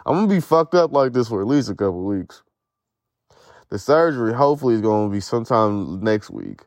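A man's voice: mid-range voice, very animated, a little fast, darkish tone, no echo. A young man hosting a podcast alone, talking casually in a rambling, profane way while in pain from a foot injury. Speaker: podcast host. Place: sitting outdoors at home.

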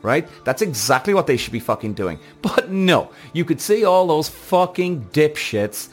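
Host type: worked-up, cursing man, fairly high voice that swings widely, soft music underneath. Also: very animated, unhurried. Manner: heated, profane, exasperated ranting. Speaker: F1 reaction show host. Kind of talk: ranting commentary vlog.

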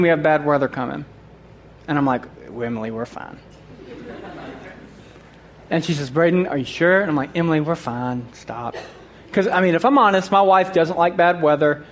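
A man telling a humorous personal story to a group, animated and acting out his own remarks. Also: on the high side. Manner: animated, acts out his own quoted thoughts, laughs often.

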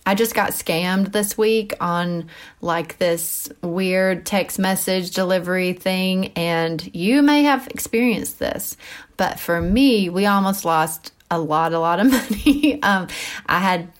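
A woman, a mother of school-age kids, hosting a casual Christian teaching podcast, talking in a chatty, animated way with frequent asides and fillers. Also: lowish voice, slow. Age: mother of middle schoolers. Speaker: podcast host.

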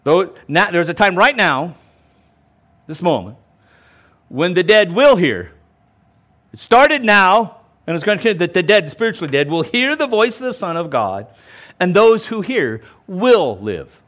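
Lively, animated male pastor teaching. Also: high voice, normal speed. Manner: animated, emphatic, explains and repeats points; casual asides and self-restarts. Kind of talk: verse-by-verse Bible teaching sermon.

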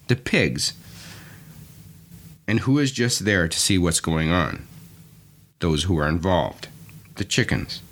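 A man hosting a podcast lesson, explaining clearly and methodically. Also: low voice, fairly bright tone. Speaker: podcast host.

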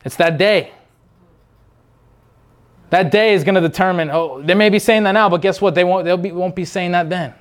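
Man, preacher, high voice, fervent unscripted sermon, repeats himself, mimics other people briefly. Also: normal speed, pauses often.

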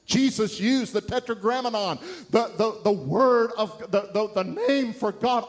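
High-pitched, impassioned male preacher. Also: unhurried, few pauses. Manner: impassioned, rising to emphatic peaks. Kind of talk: evangelistic sermon.

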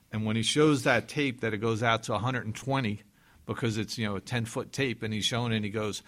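Man with a lowish voice hosting a financial show. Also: brisk, a bit bright. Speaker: financial advisor and show co-host. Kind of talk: casual radio-show talk.

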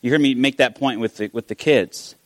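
A man giving a conversational sermon, telling the story in a casual, animated way with frequent restarts. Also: medium pitch, brisk, no echo. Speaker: pastor.

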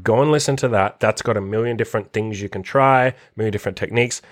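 A fairly low-pitched man speaks at a quick pace as he hosts a casual podcast monologue. The dating coach reacts animatedly to a written list, swearing nonstop and speaking bluntly.

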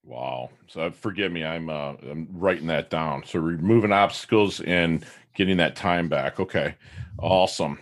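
A man's voice: deep voice, moderate pace. A man hosting an interview, asking questions and chiming in with eager affirmations. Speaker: podcast host. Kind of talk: casual interview.

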